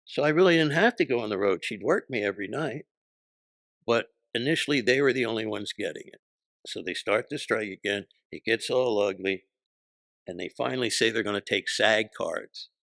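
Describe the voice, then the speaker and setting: A man's voice: fairly low pitch, lively intonation, normal speed, vocal fry, fairly bright tone, no room sound. An older man, a comedian guest, telling punchy, profane anecdotes and acting out voices in an interview. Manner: punchy, profane, acts out voices in his stories.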